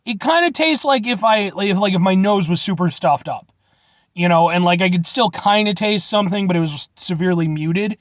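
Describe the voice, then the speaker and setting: A young man from Illinois reviews a drink in a loose, rambling monologue, full of restarts and casual cursing. His pitch moves a lot, rising and falling within a sentence. The sound is close and dry, with no room around it. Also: animated, fairly quick, no room sound. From Illinois, USA. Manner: rambling, blunt, swears casually, hesitant restarts. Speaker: vlogger reviewing root beer.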